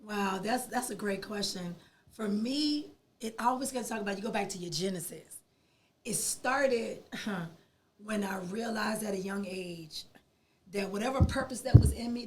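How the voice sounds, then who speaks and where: A woman, a podcast guest telling a personal story in an animated, emphatic way. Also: mid-range voice, a little hiss or hum. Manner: animated, emphatic, acts out quoted dialogue.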